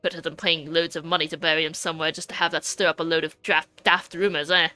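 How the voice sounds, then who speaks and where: A woman's voice: deep voice, level tone, fast, pushed and bright, faint music behind. A woman voicing a cheeky, streetwise British woman in a game, with a put-on British accent and a breezy, slangy, offhand manner. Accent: British impression.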